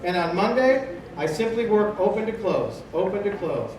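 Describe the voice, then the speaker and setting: A man in his fifties leads a drum clinic in a big convention hall, firing questions at the crowd and answering them himself. His voice sits high for a man and reaches the mic from a distance, with heavy echo and clear background noise. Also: lively intonation, moderate pace. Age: 50s. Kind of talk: live drum clinic talk.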